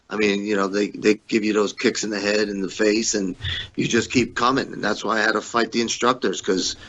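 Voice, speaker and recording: Bright, rambling man with a dull sound. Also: fairly low pitch. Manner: rambling, repeats words, frequent "you know". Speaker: interview guest, former wrestler. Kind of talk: casual storytelling.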